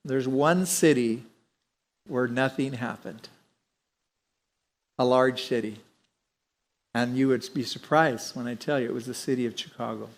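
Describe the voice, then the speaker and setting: A man's voice: mid-range voice, a little slow, long pauses. A middle-aged man teaching a Bible lesson in a conversational sermon style, often restarting his sentences.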